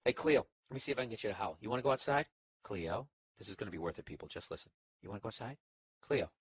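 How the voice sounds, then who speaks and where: A man's voice: fairly low pitch, lively intonation, racing, slight background noise. A middle-aged man with a Boston accent, rambling through a profane, sarcastic comic monologue as a podcast host. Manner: profane, sarcastic, talks to his dog.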